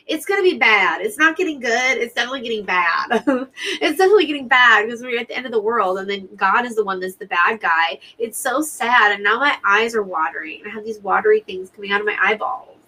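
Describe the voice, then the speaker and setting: A woman's voice: a little high, lively intonation, fairly quick, sharp tone, rough recording. Woman hosting a live watch party stream; talkative, emotional, speaks directly to her audience. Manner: chatty and emotional, talks straight to viewers. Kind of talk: casual live commentary to viewers.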